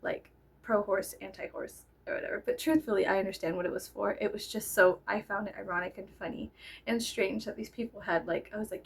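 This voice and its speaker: A woman telling a story in a casual way, animated and breaking into loud laughing shouts. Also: medium pitch, fairly quick, gravelly, slightly rough.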